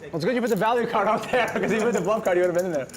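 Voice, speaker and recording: A man chatting excitedly at a poker table. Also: high-pitched, very fast, background noise. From Boston, USA. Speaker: poker player.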